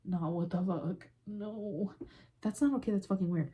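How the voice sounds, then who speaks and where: Young woman, podcast host, profane exasperated rant, mellow dark voice, phone mic. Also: mid-range voice, normal speed, husky. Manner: does her makeup while talking. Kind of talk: casual ranting commentary.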